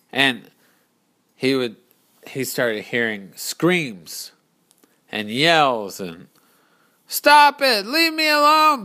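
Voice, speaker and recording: A man telling an improvised pirate adventure story in an unhurried, explanatory way. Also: mid-range voice, a bit bright.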